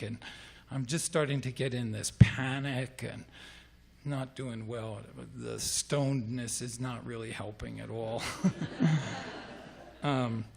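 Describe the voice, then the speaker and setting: A man with a gravelly, creaky voice at a middle pitch tells a personal story at a live slam. He speaks casually and hesitantly, restarting his sentences.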